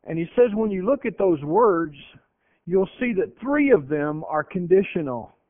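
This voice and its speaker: A man preaching a sermon, emphatic, swinging between loud stresses and hushed lines and slowing down when he quotes scripture. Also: high voice, sing-song, no room sound. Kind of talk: radio sermon. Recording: tinny lo-fi radio broadcast.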